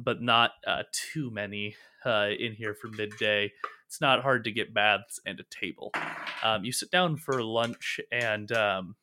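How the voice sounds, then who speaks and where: A man narrates as game master of a tabletop game, his voice bright and forward. He rambles loosely, filling pauses with ums and uhs as he describes the scene. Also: fairly low pitch, clear, resonant tone. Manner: rambling, many fillers, laughs often.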